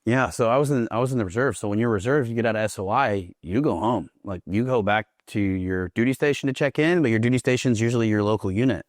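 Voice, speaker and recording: A man's voice: on the low side, quick pace, few pauses, dry recording, clean studio sound. Profane, laughing man telling war stories. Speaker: podcast guest, Marine veteran. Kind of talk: casual storytelling interview.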